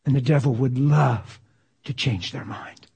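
A man preaching a sermon with passion, swinging from loud exclamations to near-whispers. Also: medium pitch, measured pace, creaky, breathy edge.

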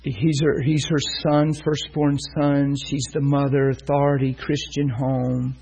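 A man's voice: mid-range voice, level tone, a little slow, gravelly, dark tone, breathy edge, poor audio. A man preaching a sermon, telling a story and acting out the voices of the people in it. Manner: storytelling, acts out voices in quotes.

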